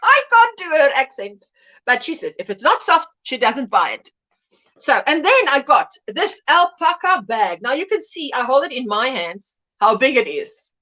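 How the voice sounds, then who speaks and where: A woman's voice: sits high, very animated, normal speed, sharp tone. A middle-aged woman hosting a casual livestream chat, reading viewers' comments aloud and laughing often. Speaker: livestream host.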